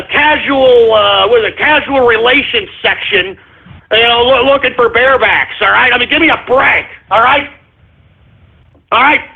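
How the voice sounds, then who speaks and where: A man's voice: very high-pitched, gravelly, husky. A man hosting a talk radio show, ranting and rambling, repeatedly asking "all right?", over a tinny phone-line sound.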